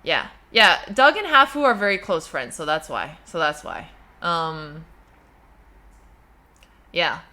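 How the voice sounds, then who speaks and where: A young woman hosting a livestream, reading viewer messages and chatting casually in a self-deprecating way, quick to laugh. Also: sits low, big pitch swings, bright, forceful tone. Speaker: livestream host.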